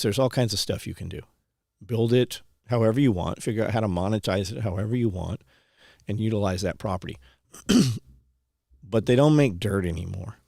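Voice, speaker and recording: A low, gravelly man's voice, recorded dry and close with no room sound. He talks casually and bluntly, like a homesteading host urging listeners to go buy land. His delivery is plain-spoken and preachy, and he means every word. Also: a little mellow, dry recording. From California, USA. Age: 30s or older. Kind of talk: casual motivational talk.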